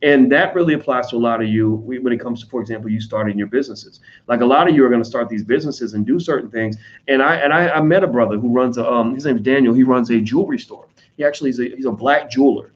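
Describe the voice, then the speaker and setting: A man with an American accent talking casually to his audience, blunt and profane, slipping into quick mimicry of other people. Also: medium pitch, muffled recording. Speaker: online commentator on business. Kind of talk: casual unscripted monologue.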